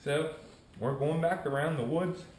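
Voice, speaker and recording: A man's voice: a little high, measured pace. A young man vlogging, telling a rambling story in a casual way and acting out what his friends said. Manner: animated, rambling, acts out quoted friends. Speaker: vlogger starting a channel. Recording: echoey room.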